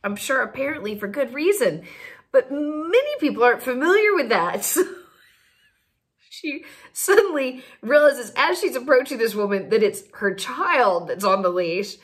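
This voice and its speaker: A high-voiced woman tells a funny story in a relaxed, chatty way. Her pitch swoops up and down with lively expression, and she keeps breaking into giggles as she talks. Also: moderate pace. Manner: giggly, laughs through the telling, animated. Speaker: storyteller host. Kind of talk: casual anecdote telling.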